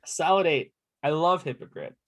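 Teasing man, slightly high voice. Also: normal speed, fairly bright tone. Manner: teasing and playful. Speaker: podcast co-host. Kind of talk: casual chat about music.

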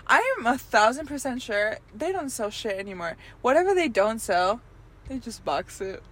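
Young female co-host, fairly high-pitched, blunt, animated, swears freely, casual chat. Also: moderate pace. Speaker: podcast co-host.

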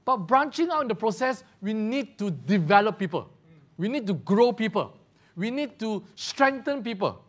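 High-voiced preacher. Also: male voice, big pitch swings, normal speed. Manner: repeats words while restarting, rhetorical questions. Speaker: pastor. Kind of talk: sermon.

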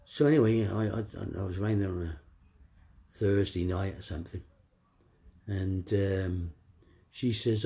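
A man tells a personal story. His voice is low and mellow. He rambles in a wry, offhand way, full of fillers and restarts. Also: steady tone, normal speed.

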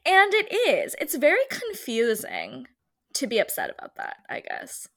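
A woman's voice: high-pitched, wildly swooping pitch, a little slow, gravelly, a bit bright. A woman co-hosting a podcast, chatting casually in a playful, joking way and laughing a lot. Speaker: podcast co-host. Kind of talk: casual chat.

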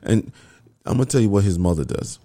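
A young man and father telling a family story in casual chat, slangy and animated, acting out what people said. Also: fairly low pitch, fast, dry recording. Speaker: co-host, father.

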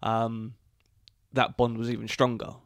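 A man's voice: mid-range voice, a little slow, dry recording. A young man chatting easily as a guest, with lots of ums and you knows. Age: young adult. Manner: relaxed, uses fillers like um and you know. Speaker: guest, host's son. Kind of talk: casual chat.

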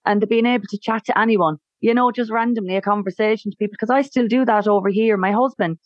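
A woman's voice: mid-range voice, fast talker, no echo. Chatty Irish woman, dull lo-fi line. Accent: Irish, Tipperary. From Ireland. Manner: chatty, laughs often. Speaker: guest, singer. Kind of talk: casual interview chat.

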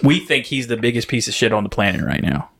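A man co-hosting a podcast, chatting in a relaxed way about a film and drawling quotes slowly for laughs. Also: mid-range voice, creaky. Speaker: podcast co-host. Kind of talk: casual movie chat.

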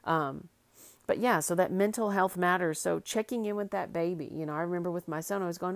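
A middle-aged woman with a low voice talks in an easygoing way, circling back and restarting her thoughts with many fillers. The recording is dry and close, with no room around her voice. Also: fairly even intonation, quick pace, vocal fry, no echo. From Arkansas, US South. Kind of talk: casual heartfelt monologue.

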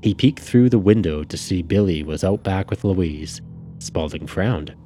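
A man narrating an audiobook in a measured, steady reading, with faint music behind. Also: low-pitched.

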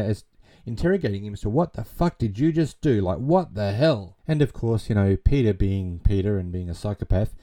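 Rambling low-voiced man retelling a film. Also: warm tone. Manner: rambling, heavy "you know" fillers and casual swearing. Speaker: film recap narrator. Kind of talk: casual retelling of a film plot.

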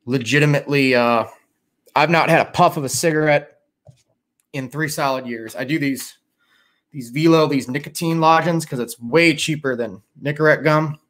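A fairly high-voiced middle-aged man from Chicago, chatting on a livestream. He rambles loosely, sounds tired, and swears freely. He talks to his viewers in a loose, unscripted way. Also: normal speed, a bit bright. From Chicago area. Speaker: livestream host. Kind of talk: casual livestream chat.

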